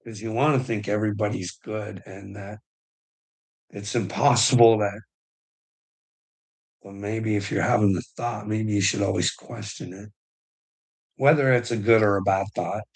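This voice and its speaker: Middle-aged man, husky low voice, unhurried profane live rant, frequent laughter. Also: fairly even intonation, low-quality recording. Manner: profane, rambling, laughs often. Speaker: livestreamer.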